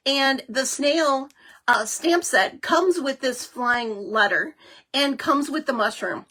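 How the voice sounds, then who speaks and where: A chatty, excitable middle-aged woman hosting a live card-making stream, with lots of fillers. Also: high-pitched, slow pace. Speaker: host of a live crafting show.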